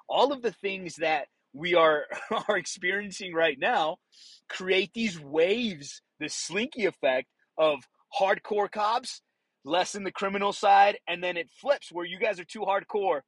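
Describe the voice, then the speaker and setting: A blunt, profane middle-aged man talking through his years as a police officer, acting out the voices of the people he dealt with. His voice is husky and sits a little high. The sound is dry and close, with no room echo. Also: fairly bright tone. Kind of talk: casual monologue.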